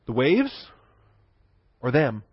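A man's voice: mid-range voice, huge pitch swings, drawn-out words, breathy edge, no room sound, muffled recording. A male pastor preaching a sermon in a conversational teaching manner, asking rhetorical questions and chuckling.

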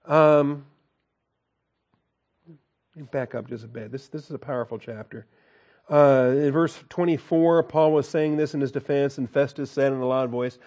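A man leads a Bible study in a dark, mellow voice. He reads scripture aloud and then adds folksy, conversational asides, often with a chuckle. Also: medium pitch. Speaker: Bible teacher.

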